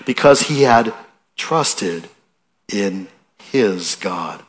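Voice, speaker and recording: A man's voice: medium pitch, normal speed. A man preaching a sermon in a conversational way, asking his listeners questions and reading scripture aloud with rising emphasis. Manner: conversational, asks the listeners questions, restarts often.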